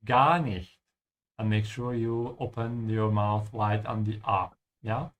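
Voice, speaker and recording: A man's voice: on the low side, little pitch movement, measured pace. A man teaching German while playing a game, explaining patiently and ending his points with "yeah?". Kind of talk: language lesson over gameplay.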